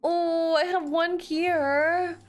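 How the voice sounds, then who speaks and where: A young woman streaming a game, chatting casually and breaking into drawn-out, whining cries. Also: very high-pitched, fairly even intonation. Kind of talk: casual gameplay commentary.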